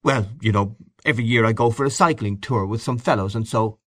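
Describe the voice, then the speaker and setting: A man's voice: fairly low pitch, fairly quick, no room sound, studio quality, lightly acted. A man voicing an awkward, defensive male college teacher who answers hesitantly in a storybook reading.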